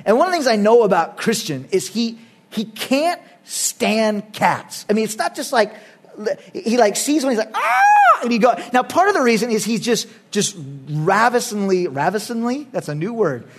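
A middle-aged male pastor with a notably high voice delivers a sermon. He preaches emphatically, pressing his points loudly and then dropping to quiet, earnest asides. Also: big pitch swings, normal speed. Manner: emphatic, swings between loud urging and quiet earnest asides.

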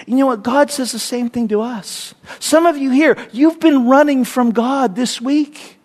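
A middle-aged man preaching a sermon, swinging between loud emphasis and hushed, whispered lines. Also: very high voice, measured pace, few pauses. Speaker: pastor.

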